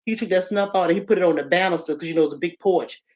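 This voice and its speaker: A woman's voice: on the low side, very fast, lo-fi sound. A woman, telling a personal story and talking straight to her listeners. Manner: animated, talks straight to listeners.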